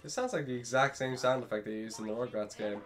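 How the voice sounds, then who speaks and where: A man's voice: medium pitch, quick pace, soft background music. Giggly, swearing let's play guy. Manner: joking, giggly, swears a lot. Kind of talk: casual gameplay commentary.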